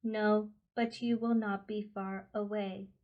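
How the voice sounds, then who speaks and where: A woman voicing a gentle, furry alien beast with tentacles, who speaks slowly, softly and calmly. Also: mid-range voice, highs cut off, lightly acted. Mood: soothing, grave. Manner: slow, soft, calm and careful.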